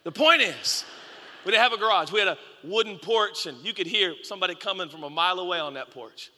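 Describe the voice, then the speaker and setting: Thirties male pastor, sermon storyteller, high ringing voice, reverberant church auditorium. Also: expressive, fast talker, slight background noise. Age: 30s. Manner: storytelling, playful asides to the congregation; swings from hushed to shouting.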